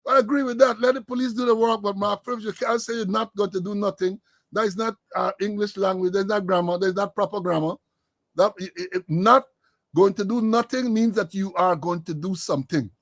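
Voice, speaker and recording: A man's voice: high-pitched, fairly even intonation, fairly quick, no echo. A man with a Guyanese accent hosting a political commentary stream, sarcastic and lecturing, rambling as he goes. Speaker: host.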